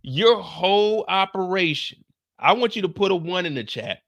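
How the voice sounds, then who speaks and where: A man's voice: sits high, moderate pace, vocal fry. A man on a casual live stream, retelling a TV episode with slang and acted-out lines. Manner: animated storytelling, acts out characters' lines with slang and cursing.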